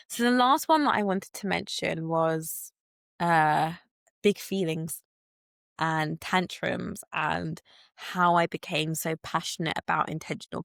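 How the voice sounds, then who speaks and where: A woman's voice: lowish voice, gravelly, no echo. Chatty woman podcaster, dry close sound. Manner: chatty and candid, with many "like" and "you know" fillers. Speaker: podcast host. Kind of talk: solo podcast, personal storytelling.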